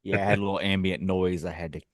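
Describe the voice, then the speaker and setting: A man co-hosting an online music show, relaxed and joking. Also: sits low, quick pace, no room sound, clean studio sound. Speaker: radio DJ co-host. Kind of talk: casual on-air chat.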